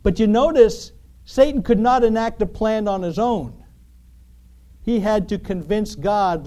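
A man preaching a sermon in an animated, emphatic, conversational way, full of rhetorical questions. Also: high voice, a little slow.

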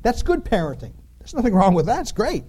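A male preacher with a high yet mellow voice delivers a lively sermon. He talks to the congregation directly, pressing points with rhetorical questions and sudden emphasis. His pitch rises and falls freely as he drives each point home. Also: brisk, husky.

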